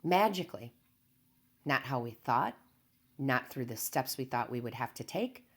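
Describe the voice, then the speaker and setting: A woman tarot reader giving a calm, earnest spiritual motivational talk to her viewers, repeating her key phrases and never hyping things up. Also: very deep voice, a little slow.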